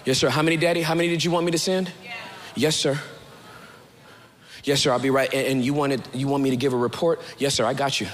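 A man voicing a humble young male shepherd who softly and eagerly agrees to his father's every request. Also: mid-range voice, fairly even intonation, fast, long pauses, in a large hall, voice pushed down, natural voice. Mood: meek, dutiful. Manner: soft, quiet, eager to please.

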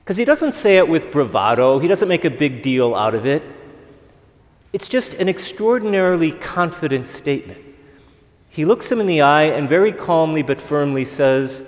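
A man's voice: on the high side, expressive, moderate pace. A man, a priest, giving a conversational homily at an evening Mass, asking the congregation rhetorical questions. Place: church. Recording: long reverb of a church.

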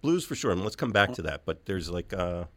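A man's voice: low voice, sing-song, a little fast, a bit bright, no room sound. A man hosting a radio music show, talking casually with many fillers. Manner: loose, chatty, many fillers. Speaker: radio host. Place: radio studio.

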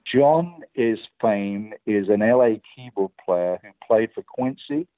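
An older man with an English accent, a guest telling lively anecdotes and acting out the dialogue of the people in them. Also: on the low side, slow, no room sound, phone-quality sound. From England. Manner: lively storyteller who acts out quoted dialogue with many restarts. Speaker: guest, record producer and guitarist.

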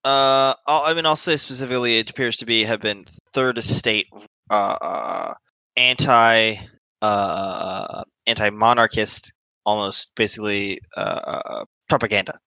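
A man narrating a tabletop horror game as game master, halting often with fillers as he describes scenes. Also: fairly low pitch, pushed and bright, no room sound. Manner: hesitant, halting with many fillers.

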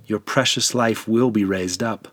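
A man narrating as God the Father in a solemn, measured and tender dramatic scripture reading. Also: on the low side, fairly even intonation, fairly bright tone, no echo.

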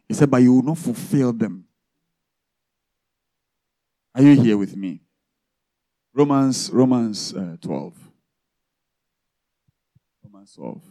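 A man's voice: lowish voice, warm tone. A man preaching a sermon as pastor, often checking in with the congregation through rhetorical questions.

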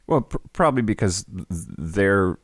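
A man co-hosting a casual podcast, an animated storyteller who keeps asking "right?". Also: sits low, unhurried, slightly rough, no echo, clean studio sound. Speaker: podcast co-host. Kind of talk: casual chat.

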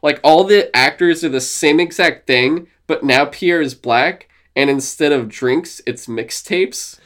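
A young man co-hosting a podcast in casual chat, excited and swearing often, laughing and putting on silly voices. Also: on the high side, unhurried. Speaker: podcast co-host.

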